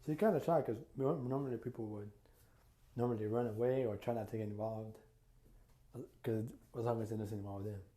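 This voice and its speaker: A man's voice: lowish voice, brisk, warm tone. A man casually retelling an imagined crossover story as a YouTuber, rambling with lots of fillers and restarts. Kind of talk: casual fan-fiction storytelling.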